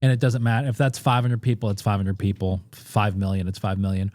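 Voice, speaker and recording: A man's voice: fairly low pitch, flat delivery, a little fast, a little mellow, no room sound, clean studio sound. A man who is a guest on a podcast, bluntly telling food stories in casual, profanity-laced talk. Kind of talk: casual interview storytelling.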